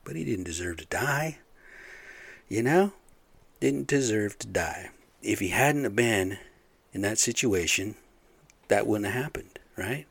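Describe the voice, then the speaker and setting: Middle-aged man, low-pitched, angry rambling rant full of swearing, dry close sound. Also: lively intonation, a little slow, gravelly, a bit bright, husky, no room sound. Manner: angry, profane, rambling with fillers. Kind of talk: casual rant.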